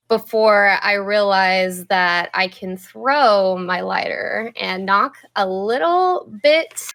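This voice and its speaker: A woman's voice: medium pitch, fairly bright tone. Woman player in a dnd game, medium voice, just chill and matter of fact. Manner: casual, matter-of-fact, with fillers. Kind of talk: describing her character's actions in a tabletop game.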